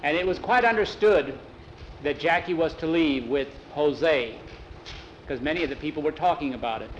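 Male oral storyteller, folksy and unhurried, slightly raised pitch, dull low-fi tape. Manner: folksy, conversational, with accented character voices. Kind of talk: oral storytelling with voiced dialogue. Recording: dull lo-fi recording with faint vehicle noise.

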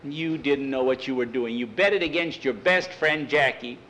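Brief: a man playing a steady, no-nonsense ranch hand. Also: medium pitch, moderate pace, slight background noise, close to an everyday voice, poor audio. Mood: firm. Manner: firm, matter-of-fact.

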